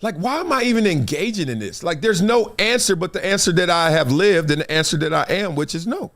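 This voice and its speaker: A man in his fifties hosting a talk show, telling stories in a casual, animated way and acting out other people's lines. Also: high voice, brisk. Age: 50s. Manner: animated storytelling, acts out quoted voices, frequent laughs. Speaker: show host.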